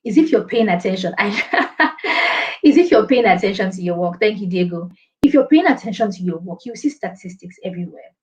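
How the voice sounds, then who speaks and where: Speaking a little fast in a mid-range voice with lively intonation, a woman leads a live online class on presentations. She laughs a lot and reads out comments from viewers, all captured in dull, lo-fi stream audio.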